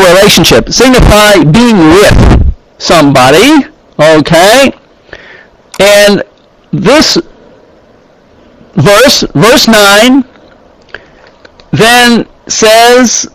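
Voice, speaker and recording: A man with a high voice explains scripture at a slow, deliberate pace. He pauses often, reading short Hebrew phrases and then unpacking them. The sound is close and dry. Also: a bit bright, no echo, poor audio. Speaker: Bible teacher. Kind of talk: unhurried scripture teaching.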